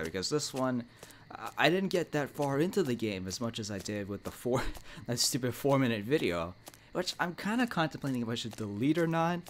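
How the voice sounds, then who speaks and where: A young gaming channel host, medium-pitched and jittery, provides let's play commentary on a horror game, with a slight hiss or hum in the audio. Nervous laughs and abrupt yelps punctuate his talk as he addresses the monster directly.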